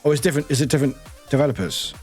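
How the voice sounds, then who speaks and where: A man from the UK, streaming and chatting casually, reading chat aloud, lively and swearing freely. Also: mid-range voice, rapid-fire, husky, faint music behind. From United Kingdom.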